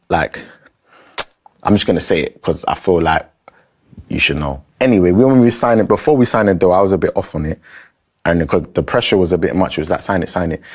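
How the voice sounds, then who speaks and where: A young man telling a story casually in an animated, slangy way. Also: low-pitched.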